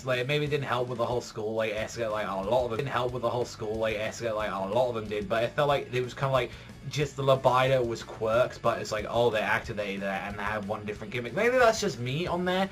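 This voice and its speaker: A man's voice: mid-range voice, quick pace, soft background music. A man giving a casual, rambling spoken review of a manga chapter, filling his talk with "like" and swearing freely. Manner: rambling, heavy use of "like", swearing.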